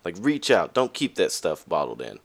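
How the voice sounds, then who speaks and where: A man hosting a podcast, talking candidly and casually to listeners, with frequent fillers and restarts, and his voice jumps up high when he stresses a point. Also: normal speed. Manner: lively, pitch jumps high for emphasis. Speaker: podcast host. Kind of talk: casual motivational monologue.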